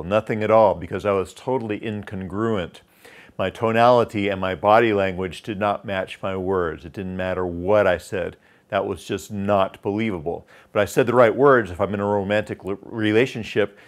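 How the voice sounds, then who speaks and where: A man teaching sales, explaining voice tonality and demonstrating pitch drops with slow, emphatic phrases. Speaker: sales trainer. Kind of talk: instructional talk.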